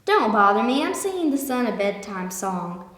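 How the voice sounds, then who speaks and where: A woman's voice: a little high, sing-song, moderate pace, fairly bright tone. A woman voicing a proud, skittish male coyote who brushes others off. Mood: dismissive. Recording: echoey room with long reverb.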